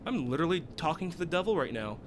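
A man giving excitable, swearing let's play commentary, often bursting out loudly. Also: on the high side, racing, noisy background. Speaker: gaming video creator.

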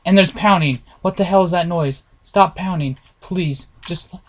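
A man's voice: sits high, unhurried. Jittery man narrating a horror game. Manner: jumpy, nervous chatter to viewers with frequent swearing. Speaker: gameplay streamer. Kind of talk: horror gameplay commentary.

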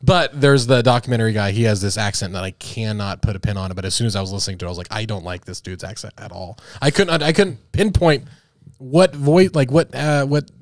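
Fast-talking excitable man. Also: on the low side, dry recording, clean studio sound. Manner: excitable, quick, laughs a lot. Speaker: podcast co-host. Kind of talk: casual chat.

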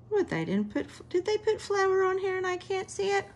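A woman's voice: very high-pitched, sing-song. A woman teaching a phonics lesson to children, sounding out words one sound at a time. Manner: slow, sound-by-sound phonics drilling.

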